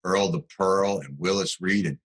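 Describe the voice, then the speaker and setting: A middle-aged man, a talk-show guest, trading wry, quick comic riffs in casual banter. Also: low voice, a bit bright, rough recording.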